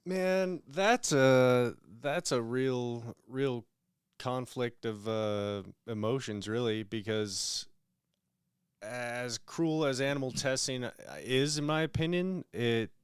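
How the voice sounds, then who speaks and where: Slow, smooth-voiced man in a dry room. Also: medium pitch, dry recording. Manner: slow, hesitant, restarts often. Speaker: podcast co-host. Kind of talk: casual podcast banter.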